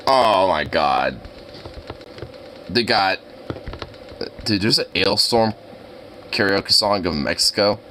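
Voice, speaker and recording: A livestreamer chatting casually on a live reaction stream, voice turning hoarse and raspy, excitable and swearing, squealing high when gushing. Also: slow, long pauses, a little hiss or hum, rough recording.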